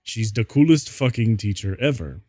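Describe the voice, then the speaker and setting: A man's voice: fairly low pitch, lively intonation, moderate pace, darkish tone, no room sound. A man streaming as he reads fan fiction aloud, giggling and breaking up with laughter. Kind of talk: casual comedic reading.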